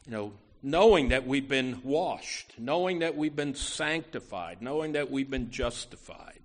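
A man preaching a sermon from the pulpit, earnest and deliberate, often saying "you know" and restarting phrases. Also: mid-range voice, animated. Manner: slow, deliberate delivery with emphatic rises. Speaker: pastor.

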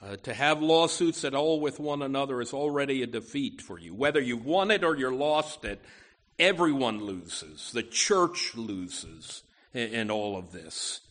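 Slow-paced male preacher, emphatic delivery. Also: medium pitch, expressive, a bit bright. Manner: emphatic, frequent "you know" asides, uneven delivery. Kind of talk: sermon.

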